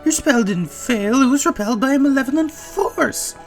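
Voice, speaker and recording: Player doing a high, brash fairy sidekick; cheeky, slangy, loud, bouncing all over the place. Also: animated, normal speed, soft background music.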